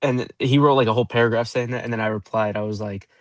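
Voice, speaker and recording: A man's voice: medium pitch, fairly even intonation, fast talker, no echo. A man co-hosting a casual sports podcast, with a dry, teasing humor. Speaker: podcast co-host.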